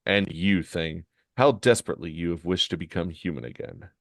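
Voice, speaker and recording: A man voicing a scheming, gloating male comic villain, smug and measured, in a low voice. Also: dry recording, studio quality. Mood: persuasive.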